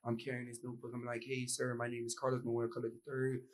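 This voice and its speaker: A man's voice: mid-range voice, monotone, quick pace, low-quality recording. A young man, a university student, speaking earnestly from the audience microphone at a panel and acting out bits of dialogue. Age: young adult. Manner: earnest, acts out example dialogue.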